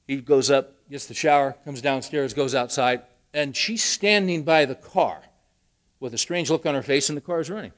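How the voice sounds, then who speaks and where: A man's voice: medium pitch, normal speed, fairly bright tone. A man preaching a sermon, telling a story with rising emphasis and dry humor. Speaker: pastor.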